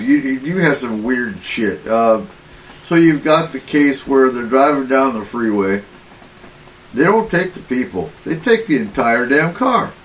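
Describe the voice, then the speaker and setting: A man's voice: medium pitch, slight background noise, rough recording. A man hosting a casual paranormal radio roundtable, joking and laughing often, often stumbling over his first words. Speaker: host.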